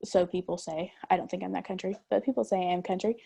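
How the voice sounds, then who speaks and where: A woman's voice: fairly low pitch, fairly even intonation, fast, creaky, dark tone, breathy edge. A young woman with an East Tennessee country accent, speaking candidly as a panelist in an online discussion and telling stories. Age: young adult. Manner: candid and storytelling. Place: video call.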